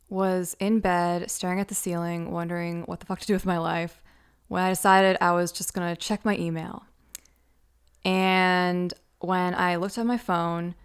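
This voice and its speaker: A woman's voice: lowish voice, vocal fry, clean tone. A woman casually telling a personal story, chatty and loose, with lots of "like" and "um" fillers. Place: Los Angeles.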